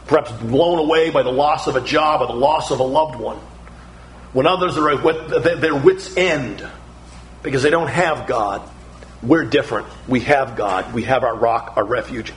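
A man's voice: mid-range voice, a little hiss or hum, low-quality recording. A middle-aged man preaching a sermon, emphatic and building through repeated phrases.

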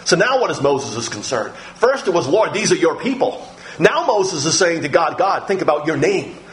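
A man's voice: normal speed, slight background noise. A man preaching a sermon, reading scripture aloud and acting out the quoted voices with sudden, dramatic lifts in his voice. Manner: animated, acts out quoted speech with big pitch jumps.

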